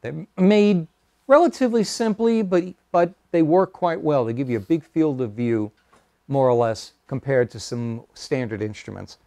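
A man's voice: mid-range voice, normal speed, warm tone, no echo. Man lecturing with dry, close sound. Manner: hesitant, many fillers, wry asides. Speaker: guest lecturer at astronomy club. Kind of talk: public lecture with slides. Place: meeting room.

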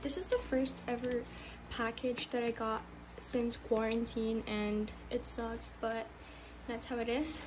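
A young woman with a high voice chats slowly and casually, stumbling over restarts and bursting into gasps and squeals. A faint hum of home ambience sits behind her. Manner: excitable, gasping and squealing at pulls, halting restarts. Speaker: vlogger. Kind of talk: casual unboxing chat. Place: home room.

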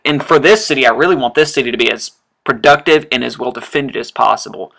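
A man giving casual, rambling commentary while playing a strategy game, full of fillers and sudden excited exclamations. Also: medium pitch, fast, gravelly, hardly any pauses. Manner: rambling, chatty, frequent fillers and self-corrections. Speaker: let's-play host.

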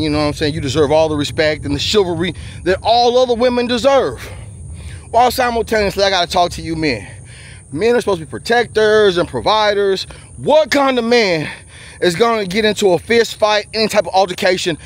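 Walking a bayou trail with a handheld camera, an American vlogger with a high voice delivers a loud, preachy monologue to the lens, laughing often. He's sweaty and short of breath.

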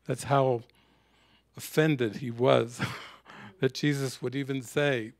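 A man's voice: mid-range voice, steady tone, takes it slowly. A man teaching a spiritual retreat, telling stories and reflecting in a sermon-like talk. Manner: storytelling, reflective, quotes scenes.

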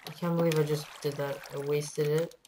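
A woman giving casual let's-play commentary, rambling along and bursting into excited yelps. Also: low-pitched, a little fast. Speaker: gameplay commentator. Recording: noisy home computer mic.

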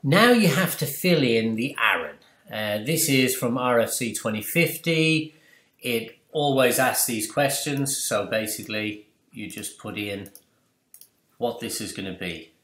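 A man presenting a screen-recorded software tutorial, chatty and explanatory, asking and answering his own questions. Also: mid-range voice, lively intonation, a little slow. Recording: roomy echo.

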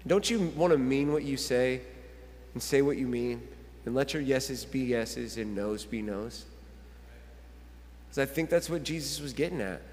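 A man's voice: mid-range voice, measured pace, long pauses, darkish tone, a little hiss or hum. A man preaching a sermon as a pastor, reading a children's book aloud in a conversational way and repeating phrases. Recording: long church hall reverb.

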